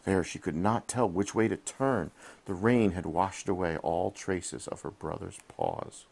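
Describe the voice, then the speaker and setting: Gravelly dad reading a bedtime story. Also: male voice, deep voice, very animated, a little slow. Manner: gentle, asks the child questions. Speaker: father reading to his child. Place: in bed at home. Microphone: head-mounted camera.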